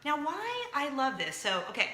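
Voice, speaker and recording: An excitable woman in her thirties hosts a casual chat show, hopping from one point to the next. Her voice sits a little high and rings bright and forceful. The room around her is noticeably echoey. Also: normal speed, slight background noise. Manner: chatty, excitable, jumps around. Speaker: show host.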